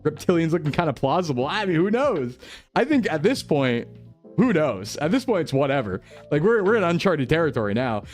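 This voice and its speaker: A young American man chatting casually with his stream viewers, excitable and loose, full of "like" and "bro". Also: on the high side, brisk, soft background music. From United States. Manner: animated, excitable, lots of "like" and "bro".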